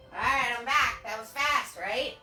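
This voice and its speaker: Slow chatty lady running a live paint party from home, bright higher voice, laughs a lot. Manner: chatty, laughs often, greets viewers by name. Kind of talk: live-stream painting lesson chatting with viewers. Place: home studio.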